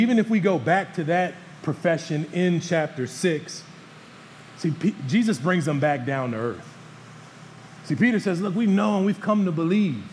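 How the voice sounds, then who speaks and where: Male pastor preaching in a reverberant hall. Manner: animated preaching, voices the disciples and Jesus with shifts in pitch and loudness. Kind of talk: sermon. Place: church hall. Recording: church hall with long reverb, faint background noise.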